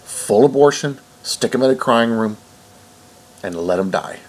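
A man's voice: medium pitch, animated, unhurried. A man reading news stories aloud and breaking off to rebut them in an indignant, preachy way. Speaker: online commentator.

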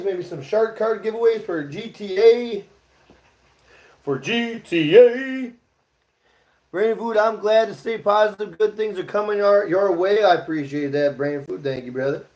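A man's voice: high voice, dark tone. Man, livestream host, casual cooking chat, swears freely, home kitchen, roomy echo. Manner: loose, joking, swears freely, talks to chat.

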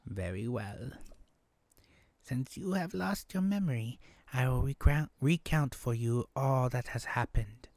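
A man voicing a solemn, formal old woman elder, reading her lines slowly with stumbles. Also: mid-range voice, animated, darkish tone, dry recording. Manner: slow, stilted formal delivery with stumbles.

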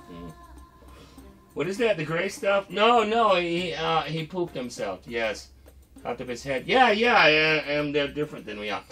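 Man in a comedy bit, jittery and placating, slow bright delivery over faint music. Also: a little high. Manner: nervous, placating, stammering. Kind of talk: comedy skit, one-sided conversation.

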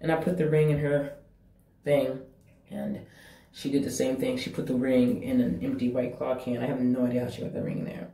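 A woman's voice: a bass voice, level tone, brisk, warm tone, far from the mic. Woman, casual storytime vlog, blunt and profane, echoey bathroom. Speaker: vlogger.

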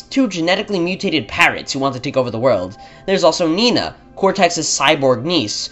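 A man's voice: fairly high pitch, a bit bright. A man narrating a scripted game review in a blunt, opinionated, sarcastic manner.

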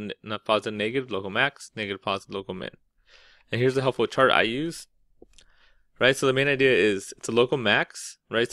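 A man's voice: fairly low pitch, creaky, a bit bright, dry recording, studio quality. A man teaching a math lesson, explaining step by step in a casual way and often checking in with "right?". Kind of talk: classroom lecture.

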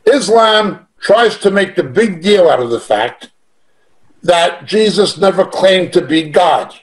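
Reading Bible verses aloud one by one, a high-voiced man teaches slowly with lively intonation. He's emphatic, repeating key phrases to stress his points, and the recording quality is low.

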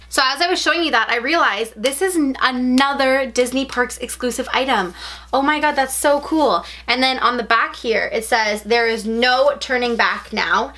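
A young adult woman chatting at home as she unboxes a package, gushing and gasping with excitement as she rambles on. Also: sits high, moderate pace, a little hiss or hum. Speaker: unboxing vlogger.

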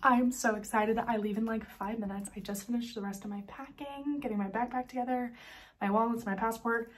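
A young woman vlogging casually and excitably, full of fillers, talking into a handheld phone. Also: a little high, a little fast. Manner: chatty, excitable, lots of fillers. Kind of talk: casual travel vlog. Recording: noisy phone video outdoors.

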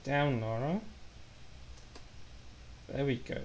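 Casual gamer guy talking over his stream, jokey and self-mocking, mid-pitch voice. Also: takes it slowly, a little hiss or hum. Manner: chatty, joking, self-deprecating. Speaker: gaming livestreamer. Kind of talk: casual live gameplay commentary.

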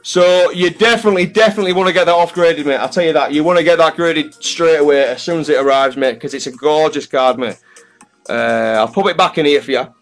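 A man's voice: fairly high pitch, quick pace. A man hosting a live-stream card draw in casual chat, calling everyone mate and swearing freely. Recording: faint music in the background.

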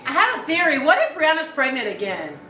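Woman doing a live reaction vid at home, high bright voice, echoey room with faint music. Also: huge pitch swings, quick pace. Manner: chatty, exclamatory, sings along. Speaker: reaction video host.

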